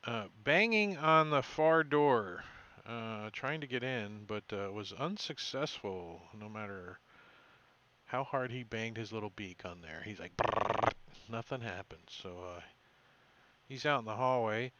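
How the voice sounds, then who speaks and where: A man running a tabletop game as game master, recapping the session in a halting way with many fillers and self-corrections. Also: on the low side, animated, lo-fi sound, noisy background.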